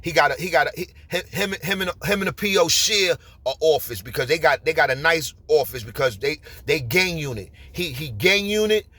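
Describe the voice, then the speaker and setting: A man in his forties with a New York accent, telling street stories in a casual, animated way. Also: fairly high pitch, brisk, hardly any pauses, dry recording. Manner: streetwise, animated, repeats "you heard?". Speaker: storyteller. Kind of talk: casual storytelling.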